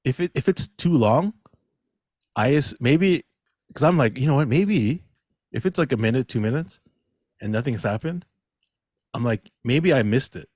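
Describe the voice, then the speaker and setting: A man co-hosting a casual comedy podcast, chatting in an animated way and often asking "you know what I mean?". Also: mid-range voice, normal speed, long pauses, no room sound, studio quality.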